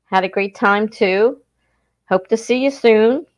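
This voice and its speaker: On her casual livestream, a South Jersey woman with a medium-pitched voice goes at an unhurried pace. She chats, laughs a good deal and reads out what viewers comment.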